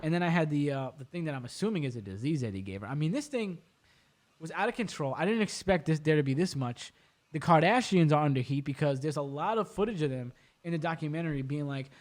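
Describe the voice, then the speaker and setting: A man hosting a podcast, recapping a documentary in rapid, profane, animated casual chat. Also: a little high. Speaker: podcast host.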